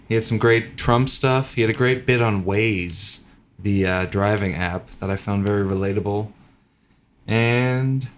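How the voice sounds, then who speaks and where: A man with a somewhat low voice talks casually on a podcast. He sounds easygoing and dry, and tosses in quick asides. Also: slight background noise. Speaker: podcast co-host. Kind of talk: casual chat.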